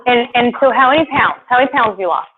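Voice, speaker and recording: A woman presenting to a live audience in a chatty, animated way. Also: on the high side, quick pace, over a noisy crowd. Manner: chatty and animated, acts out quoted voices. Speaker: product presenter. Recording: tinny phone-like live stream, faint noise.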